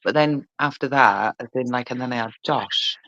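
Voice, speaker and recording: Woman, gravelly voice, rambling and sweary; dull, dry call audio. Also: very deep voice, normal speed, a bit bright, no room sound. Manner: laughing, rambling, sweary anecdotes. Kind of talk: casual chat.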